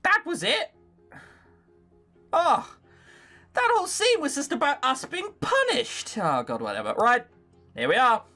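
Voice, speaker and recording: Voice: high voice, huge pitch swings, measured pace, long pauses, pushed and bright, faint music behind. A let's-play host reading a visual novel aloud, throwing in sarcastic, swearing asides.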